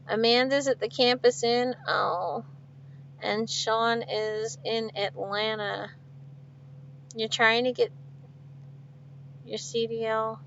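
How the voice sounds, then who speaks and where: A woman trucker with a fairly high voice, chatting on a live stream from inside her cab. She laughs easily and answers viewer comments one after another. The sound is dull and lo-fi, picked up by a phone. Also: bright, forceful tone. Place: inside a truck cab with refrigeration unit running. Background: refrigeration unit hum.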